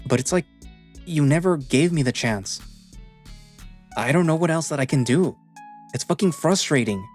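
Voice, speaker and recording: A man's voice: mid-range voice, lively intonation, moderate pace, a little mellow, close to an everyday voice. A man voicing David, a frustrated young best friend, in a visual novel reading with faint music behind. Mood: hurt, angry. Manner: pleading, earnest, swearing when upset.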